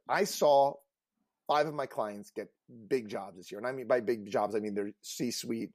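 A man co-hosting a casual panel talk as a career coach, earnest and emphatic, growing animated as he tells stories. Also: mid-range voice, no room sound.

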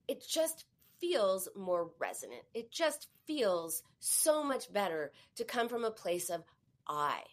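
A woman's voice: a little high, big pitch swings, slow. Woman host coaching on self-talk. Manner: warm coaching tone, acts out quoted self-talk. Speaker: host giving eating advice. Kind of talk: live talk show advice, addressing callers.

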